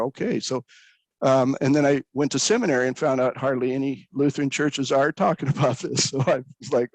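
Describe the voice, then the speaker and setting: A man's voice: mid-range voice, a little fast, dry recording, low-quality recording. Man, pastor, candid personal storytelling, earnest, restarts often, dry close sound. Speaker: recovering pastor guest.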